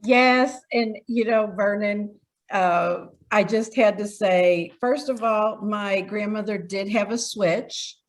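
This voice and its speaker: A woman's voice: medium pitch, slow, rough recording. An older woman, a grandmother, hosting a webinar and chatting over a video call.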